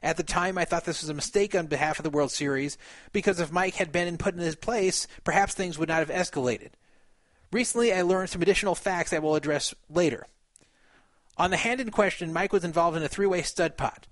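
A man's voice: high voice, fairly quick, dry recording. A man on a podcast who reads a written account aloud and comments on it in casual chat, with fillers and a few laughs.

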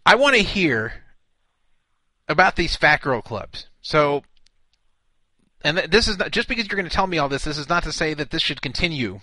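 A male host talks in a bright, fairly high voice, exasperated and stumbling over restarts. His sound is dry and close, with no room around it. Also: expressive, moderate pace, pauses often, no room sound. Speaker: show host. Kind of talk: comedic radio talk.

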